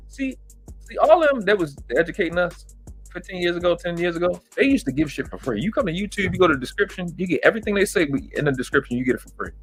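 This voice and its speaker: A man's voice: sits high, lively intonation, fast talker, slightly rough, faint music behind. Angry ranting man, profane and mocking. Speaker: livestream host.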